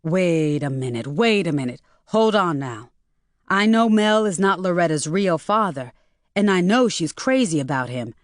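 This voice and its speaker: A woman's voice: on the low side, lively intonation, measured pace, no echo, studio quality. A woman reading an audiobook and voicing a concerned adult man who speaks in a soothing, then blunt way. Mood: insistent.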